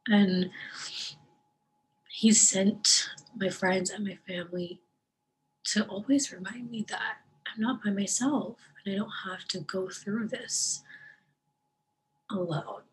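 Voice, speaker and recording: A woman in a personal video diary, tearful and crying as she talks, halting and soft, often dropping to a breathy whisper. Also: medium pitch, steady tone, slight background noise, rough recording. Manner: slow, hesitant delivery with long pauses. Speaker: vlogger sharing her faith.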